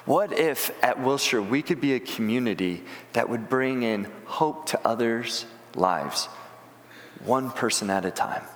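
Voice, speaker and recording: A man's voice: medium pitch, lively intonation, measured pace, big-room sound. A man preaching a sermon, earnest and plain-spoken, often restarting his words. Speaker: pastor.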